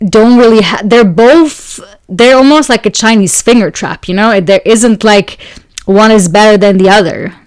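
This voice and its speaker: A woman's voice: mid-range voice, dry recording. Woman astrologer hosting her own channel, loose and talkative, plenty of fillers, dry room. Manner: chatty and searching for words, with frequent fillers and light laughs; speaks several languages. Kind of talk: casual explanatory monologue.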